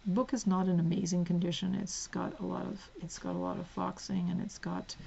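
A woman hosting a casual book haul vlog at home, chatty and giggly, dropping to soft asides as she reads the spines. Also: on the low side, little pitch movement, brisk, vocal fry, highs cut off, a little hiss or hum. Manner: chatty, giggly, drifts into soft whispers while reading spines. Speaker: book vlogger.

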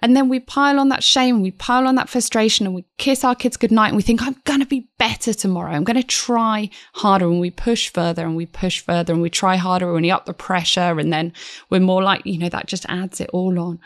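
A woman's voice: fairly low pitch, steady tone, fairly quick, no echo, clean studio sound. A woman guest psychotherapist talking in a podcast interview, earnest and reflective, restarting her sentences often.

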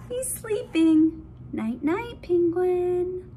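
A woman hosting a children's story time, reading a picture book aloud to a baby in a gentle sing-song voice with delighted gasps. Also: sits high, very animated, takes it slowly, a little hiss or hum.

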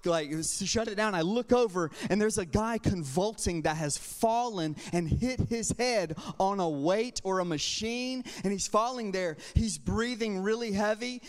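A young man, a youth pastor, preaching an energetic, story-driven sermon to a church congregation and calling for responses. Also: high-pitched. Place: church sanctuary. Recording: long hall reverb.

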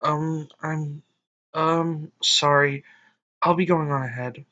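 Bright-voiced man narrating a visual novel. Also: fairly high pitch, fairly even intonation, slow pace, dull audio. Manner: reads narration softly, jokes loudly in asides. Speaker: let's play host reading a visual novel. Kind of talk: narrating and commenting on a game. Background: faint game music.

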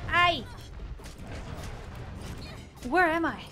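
A woman streamer reacting to a game she is playing, full of excitable yelps, exclamations and giggles. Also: very high voice, extremely slow, faint music behind. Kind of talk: live gameplay commentary.

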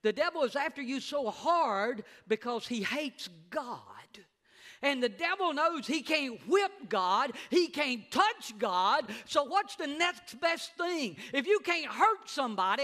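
A middle-aged man preaching a sermon as pastor in a church, emphatic, slowing down to stress words and rising to shouts. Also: very high voice, sing-song. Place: church sanctuary.

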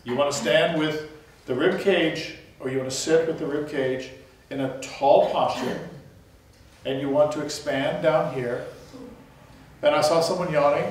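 A man's voice: medium pitch, a little hiss or hum. Male voice teacher in an echoey hall. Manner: explanatory, hesitant restarts, light self-deprecating humor. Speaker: choral workshop instructor. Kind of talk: hands-on vocal technique lecture. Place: large echoey room, recorded from far off. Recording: very echoey room audio from a distant mic.

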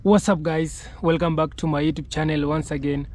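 A man from Kenya hosting his own channel, greeting viewers formally and speaking haltingly with "uh" pauses. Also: on the high side, flat delivery, darkish tone, a little hiss or hum. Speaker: vlogger host. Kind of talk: channel intro and reaction.

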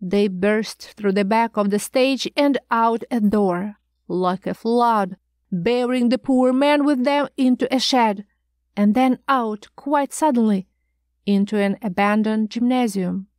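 A woman reading a science fiction short story aloud in a measured, expressive storytelling manner. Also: a little high, no room sound. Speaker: audiobook reader. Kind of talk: scripted narration.

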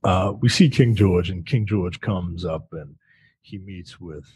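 A man's voice: deep voice, unhurried, a little mellow, slightly rough. A man co-hosting a podcast, casually recapping movie scenes with slang and fillers. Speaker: podcast co-host. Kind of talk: casual film review chat.

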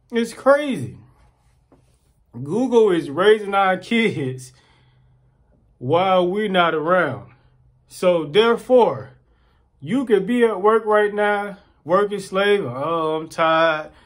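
A man rants casually to the camera in a high-sitting voice, taking it slowly with long pauses. He tells stories with animation, acts out quoted voices, and repeats words.

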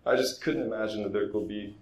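A man's voice: on the low side, fairly even intonation, fast. A man speaking as a guest at an art expo, telling a story casually with many fillers, restarts and self-deprecating humor. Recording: roomy echo with faint ambience.

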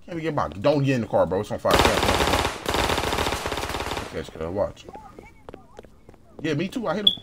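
A man's voice: fairly low pitch, sing-song, a little fast, pauses often, very noisy. A young man giving loose, profane, casual commentary while playing a game and talking to other players. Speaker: gaming streamer. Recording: loud gunfire from the game behind the voice. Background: game sounds and gunfire.

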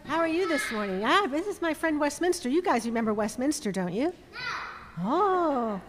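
Woman, high lively voice, playful kids' talk, reverberant church. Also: moderate pace, noisy background. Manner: playful, sing-song talk to children. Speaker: children's sermon leader. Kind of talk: children's message with a puppet. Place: church sanctuary.

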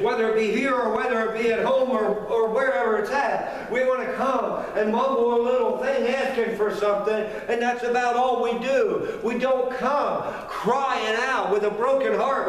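High-voiced preacher in an echoey hall. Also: male voice. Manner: fervent, repetitive, builds with rhetorical questions. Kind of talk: sermon. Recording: echoey hall, mic from far off.

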